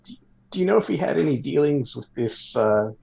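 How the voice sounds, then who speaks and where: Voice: mid-range voice, animated, a little fast, gravelly, mellow, breathy edge, highs cut off. A player in a tabletop game, talking hesitantly with many fillers. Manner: hesitant, filler-heavy questions. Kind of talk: casual tabletop play.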